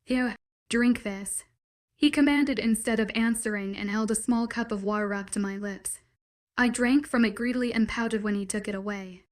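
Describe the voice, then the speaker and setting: A woman narrating a first-person werewolf story in a measured, dramatic inner-monologue style. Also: medium pitch, level tone.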